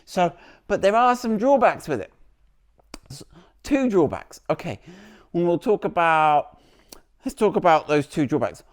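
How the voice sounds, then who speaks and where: A man's voice: high-pitched, very animated, unhurried. A man presenting a car vlog outdoors beside the vehicle, chatty and jokey, rambling with restarts as he demonstrates.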